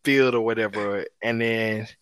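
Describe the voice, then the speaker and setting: A young man telling a story in casual chat, animated, and acting out the people he quotes. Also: fairly low pitch, a little slow, smooth, no echo.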